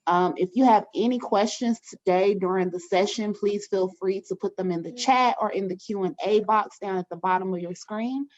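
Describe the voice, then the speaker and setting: A webinar host talks at a moderate pace with hardly any pauses, her medium-pitched voice darkish in tone. Chatty and friendly, she uses frequent filler words while casually hosting and making housekeeping announcements, heard through muffled video-call audio.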